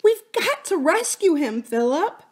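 A woman reading aloud, voicing a timid, tearful little girl who pleads in a high voice. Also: big pitch swings, a little slow, heavily acted. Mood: pleading.

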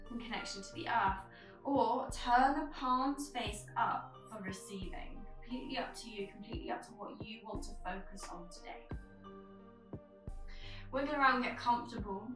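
A woman leading a yoga flow with calm, gentle cues, her voice a touch high. She sounds a little off the mic in an echoey room. Soft music plays behind her. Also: distant mic. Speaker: yoga teacher. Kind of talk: guided yoga instruction.

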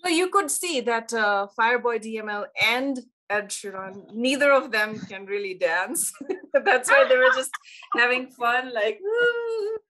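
Sex: woman. Role: reaction video co-host. Style: casual, animated chat. Pitch: a little high. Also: a little slow, rough recording.

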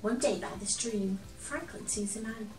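Expressive woman reading a picture book, echoey room. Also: fairly high pitch, normal speed, far from the mic, soft background music. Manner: gentle and expressive, chatting to a toy companion. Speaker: children's storyteller. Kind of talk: picture-book read-aloud for children. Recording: roomy echo, from off the mic.

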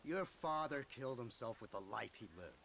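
A man's voice: medium pitch, animated, a little fast, gravelly, a bit bright, slight background noise. An actor playing a menacing older male lawman in a video game cutscene, scornful and threatening. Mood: mocking. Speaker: game character.

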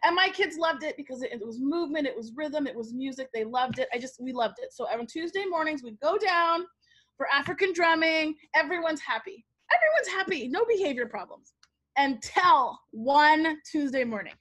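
High-voiced animated woman telling a story. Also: moderate pace. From Canada. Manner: animated, acts out quoted voices, frequent "like" and "okay?". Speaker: teacher giving a workshop talk. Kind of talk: storytelling presentation. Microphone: webinar microphone.

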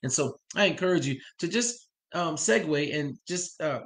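A man's voice: on the high side, animated, moderate pace, a bit bright. A man co-teaching a live-streamed church family course, enthusiastic and preacherly, speaking straight to online viewers with side remarks. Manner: enthusiastic, preacherly interjections and asides.

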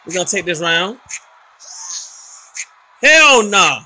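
A man hosting a gaming channel, giving loud, excitable commentary and trash talk while playing, with announcer-style hype. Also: high-pitched, slow. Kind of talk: live gameplay commentary.

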